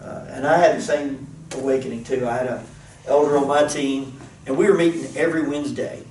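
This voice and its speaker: A man's voice: mid-range voice, fairly even intonation, brisk, darkish tone. A man, a pastor, leading a group planning discussion in an earnest, casual teaching manner, repeating himself as he thinks. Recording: roomy, distant mic, faint noise.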